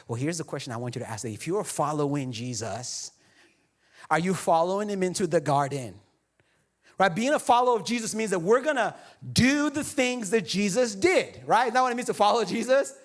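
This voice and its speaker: A man's voice: high-pitched, expressive, a little fast. A young adult man preaching a sermon as pastor in a church, playful and jokey, acting out other people's voices. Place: church sanctuary.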